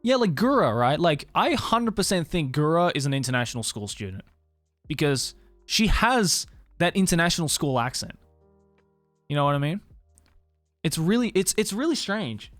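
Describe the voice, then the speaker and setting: A young man with a softened Australian accent chats casually with his stream viewers. His voice swings up and down, and he swears freely. The mic is close and dry, with faint music playing underneath. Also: fairly high pitch, moderate pace, no echo. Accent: Australian with international mix. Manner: animated, laughs often, swears casually. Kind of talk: casual live-stream chat.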